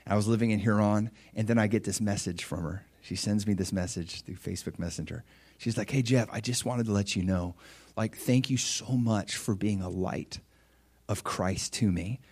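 A man preaching a sermon in a conversational storytelling way, earnest, dropping soft and low when he quotes gentle apologies. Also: normal speed, slightly rough. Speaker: pastor.

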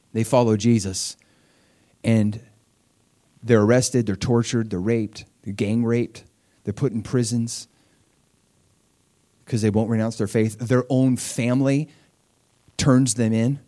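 A man's voice: medium pitch, steady tone, slow, pauses often, warm tone. A middle-aged man preaching a conversational sermon, earnest and emphatic, often repeating and restarting words.

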